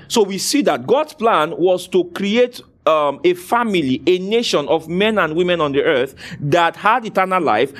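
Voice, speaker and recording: Lively call-and-response preacher man. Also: high-pitched. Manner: call-and-response questioning, frequent hallelujahs. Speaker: pastor. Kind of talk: sermon.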